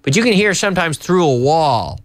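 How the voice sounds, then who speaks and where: A man's voice: on the high side, brisk, no echo. A man teaching English in a live-streamed lesson, his voice rising and falling with lots of movement. He circles back and restarts phrases, mixing in bits of Spanish. The sound is close and dry, with little room around it. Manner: animated, repeats and restarts, slips in Spanish phrases. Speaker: English teacher and show host. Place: office with English classes.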